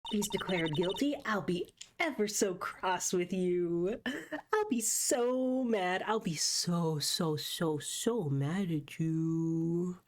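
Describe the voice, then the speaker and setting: A woman voicing a flirtatious, sugary middle-aged woman with a sweet, drawn-out way of talking. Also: lowish voice. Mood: doting menace.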